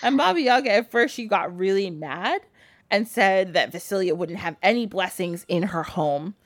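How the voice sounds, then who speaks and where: An animated woman from the United States retells a folk tale in a casual, chatty way, laughing often and leaning on fillers. Her pitch is typical for a woman. The sound is dry and close. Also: moderate pace, no echo. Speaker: podcast guest, folk practitioner. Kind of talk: casual storytelling.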